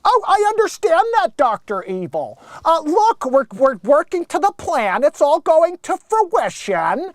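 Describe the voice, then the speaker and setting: Dude putting on a high squeaky nervous rich guy voice, all over the place. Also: very animated, a little slow, few pauses, dry recording, exaggerated voice. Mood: fawning. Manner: high, fluttery, eager to please. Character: nervous high-voiced tech billionaire impression.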